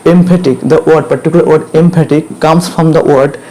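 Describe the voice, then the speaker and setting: A man teaching grammar, repeating each point and checking in with questions like "clear?". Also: fairly high pitch, steady tone, fairly quick, warm tone, a little hiss or hum, low-quality recording. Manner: repetitive, drills points again and again with checking questions. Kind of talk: classroom grammar lesson.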